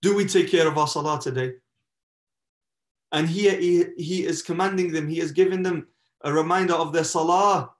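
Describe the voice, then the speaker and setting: A man's voice: fairly high pitch, moderate pace. A man, a shaykh, giving a religious lesson as an impassioned story, with Arabic religious phrases mixed in and a rising, emphatic delivery. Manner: impassioned, swells in emphasis with oaths. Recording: echoey roomy sound.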